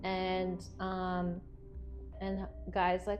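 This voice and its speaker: Animated woman co-hosting a casual film chat. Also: medium pitch, unhurried, lo-fi sound, soft background music. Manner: animated retelling, acting out characters' lines. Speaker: podcast co-host.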